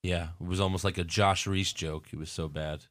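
A man's voice: low voice, steady tone, brisk, a bit bright. A man from Texas hosting a casual podcast, joking and swearing freely. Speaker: podcast host.

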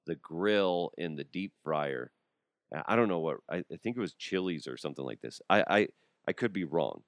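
A young adult man with a low-pitched voice hosts a podcast, riffing casually for laughs, often cracking up and doing voices. The recording is studio quality, without echo.

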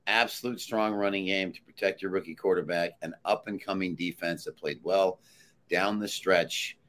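A deep-voiced man works as a betting handicapper on a sports talk panel. He states his picks firmly and emphatically, with no doubt in his delivery. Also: fairly even intonation, normal speed, a bit bright. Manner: assured, emphatic pick-maker.

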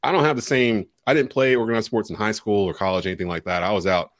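Deep-voiced man from North Carolina, dry mic. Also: fast talker, dry recording. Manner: relaxed, with frequent "uh" and "um". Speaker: sports radio host and play-by-play caller. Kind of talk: casual podcast chat.

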